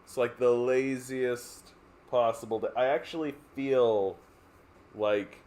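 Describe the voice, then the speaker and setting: Man, from Canada, livestream host, slow-paced, sarcastic rambling rant, mid-pitched. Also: steady tone, darkish tone. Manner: sarcastic, swears, mocks people in put-on voices; rambling, with many fillers. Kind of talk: casual political rant.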